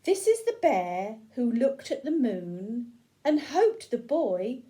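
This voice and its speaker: A woman reading a children's picture book aloud, gentle and sing-song, pausing to ask the young listener questions. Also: fairly high pitch, very animated. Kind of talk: children's read-aloud storytelling.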